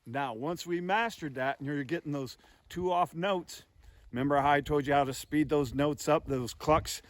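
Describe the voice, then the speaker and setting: A man's voice: on the high side, moderate pace, no room sound. A man teaching goose calling step by step, voicing honks and clucks to show the technique. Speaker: goose call instructor. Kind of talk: instructional demonstration.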